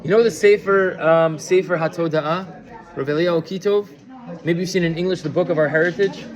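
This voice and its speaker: A man's voice: a little high, moderate pace. A man, a rabbi, giving an informal class to listeners, talking casually with many fillers and restarts and asking them questions. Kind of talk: informal Torah lecture with storytelling.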